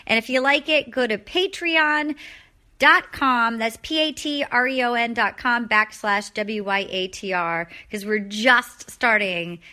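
A woman hosting a podcast in casual chat, rambling and quick to laugh. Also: fairly high pitch, sharp tone. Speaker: podcast host.

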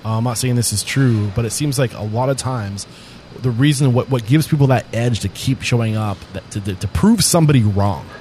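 A man's voice: mid-range voice, fairly quick, a little mellow, soft background music. A man hosting a casual interview, earnest and probing, who swears casually. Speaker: podcast host.

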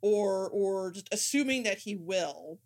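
Woman, mid-pitched, halting delivery, casual film chat. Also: animated, darkish tone. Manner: halting, with many restarts and fillers. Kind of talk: casual movie discussion.

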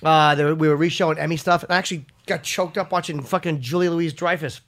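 Guy rattling off stories quick, slightly high voice, blunt and profane. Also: steady tone, fairly bright tone. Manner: fast, candid, profane. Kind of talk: casual chat.

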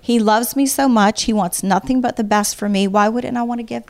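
A woman's voice: on the high side, steady tone, brisk. A middle-aged woman, giving earnest, heartfelt advice as an interview guest. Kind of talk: casual conversation.

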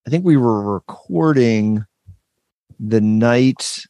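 A man co-hosting a casual podcast quiz, playful and halting, with many fillers and restarts. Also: medium pitch, warm tone, no room sound. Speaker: podcast co-host. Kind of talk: casual chat.

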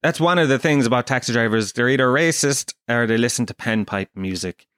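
A man's voice: mid-range voice, fairly quick, clear, resonant tone, no echo, clean studio sound. Swearing Irish man telling stories. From Ireland. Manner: animated storytelling, swears a lot, acts out quotes. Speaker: podcast host. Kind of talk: casual comedic monologue.

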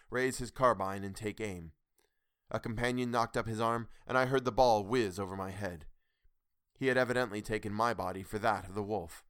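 Male narrator, deep and clear, measured gothic storytelling. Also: no room sound, studio quality. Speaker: podcast host reading a story. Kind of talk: audiobook narration.

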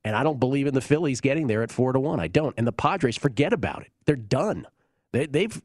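A man's voice: medium pitch, darkish tone, dry recording, clean studio sound. A man hosting a sports betting show, giving blunt, confident opinions in casual talk.

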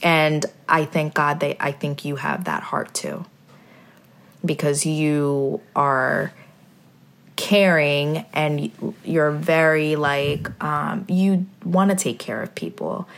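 Gravelly low-voiced mother hosting a podcast. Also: slow pace. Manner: earnest, faith-filled, many fillers. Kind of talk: heartfelt podcast conversation.

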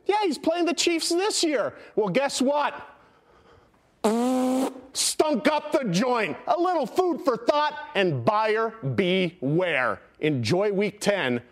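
A man putting on a loud, theatrical high voice as a brash TV weatherman. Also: big pitch swings, slow pace, heavily acted. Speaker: weather reporter segment. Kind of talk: comic over-the-top weather report.

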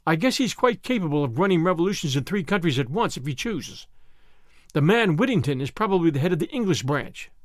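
A man's voice: on the high side, big pitch swings, a little fast, no echo, studio quality. A man voicing an emphatic young American man with an American accent and folksy, derisive phrasing.

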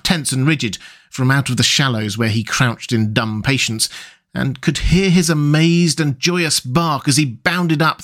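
A man reading a classic storybook aloud as narrator, calm, measured and gently expressive. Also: mid-range voice.

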